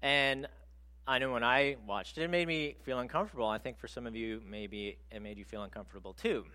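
Bright-voiced man preaching conversationally. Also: medium pitch, fairly quick. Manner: conversational, animated storytelling with acted quotes. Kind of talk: sermon.

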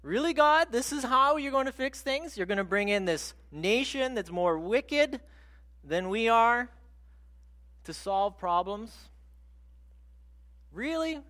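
A man voicing an indignant male prophet who argues with God in a high, exasperated complaining voice. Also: animated, slow, long pauses, bright, forceful tone, full character voice. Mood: incredulous.

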